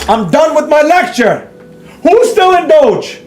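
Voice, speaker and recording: A man's voice: very high voice, big pitch swings, measured pace. A man hosting a live trading stream, scolding his audience with emphatic repeats and rhetorical questions while reading and answering chat. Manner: reads and answers viewer chat. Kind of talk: ranting live-stream lecture.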